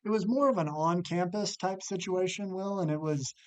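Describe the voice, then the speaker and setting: A man guesting on a podcast, reminiscing about college with an old friend. He talks in a halting way, often restarting, and his voice sits a little high. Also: smooth. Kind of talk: casual storytelling chat.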